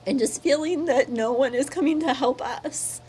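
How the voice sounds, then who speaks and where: A woman with a somewhat high voice gives heartfelt testimony about her own experience. Her telling is emotional and personal, with faint noise in the background. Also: moderate pace, a little mellow. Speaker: local resident and small business owner.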